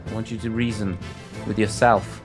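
A man's voice: fairly low pitch, flat delivery, moderate pace, over music. A young man role-playing in a game, speaking in a grave, theatrical manner. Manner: grave, theatrical delivery in character. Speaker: co-host player. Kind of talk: mock-solemn role-play during a game.

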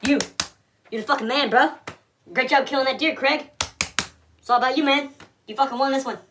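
A man's voice: high-pitched, lively intonation, fast talker, background noise. A man voicing a self-righteous, deer-loving activist in a mocking, swearing comedy skit.

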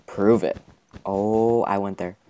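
A young man hosting a gaming video, chatting casually and excitably over gameplay with frequent exclamations. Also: fairly low pitch, slow. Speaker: gaming channel host.

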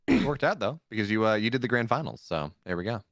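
A man's voice: on the low side, expressive, quick pace, fairly bright tone, no echo. A man esports commentator on a podcast, chiming in with dry, matter-of-fact remarks. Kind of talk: casual chat.

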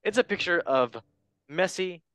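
A man's voice: high voice, lively intonation, normal speed, a bit bright. A young man hosting a casual football chat show, reading memes aloud in a chatty, playful way and laughing at his own jokes. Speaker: podcast host.

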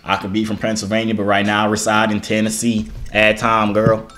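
A man's voice: on the low side, monotone, a little fast, noisy background, natural voice. Man putting on a hammy Southern drawl. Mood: flirty. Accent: put-on Southern US country. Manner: playful, flirty, mock-earnest. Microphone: video chat app.

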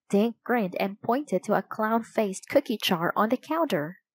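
A woman reading a children's chapter book aloud in a clear, measured storytelling manner. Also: mid-range voice, lively intonation, no echo, rough recording. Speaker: storybook reader.

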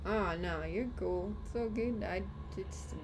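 A woman's voice: medium pitch, slow, background noise. A woman streaming gameplay, ranting and swearing at the game as she plays. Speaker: gamer streamer. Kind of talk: gameplay commentary.

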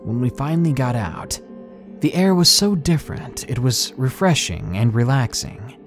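A man reading a scary true story aloud in slow, hushed, dramatic narration, with faint music behind him. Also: medium pitch, expressive. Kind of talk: scripted horror story narration. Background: faint background music.

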